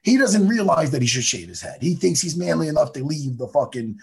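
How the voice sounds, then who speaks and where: A man co-hosting a casual chat, animated and profane, slipping into impressions. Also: a little high, a little fast, creaky, a little hiss or hum. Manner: animated, swearing, doing impressions. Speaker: podcast co-host.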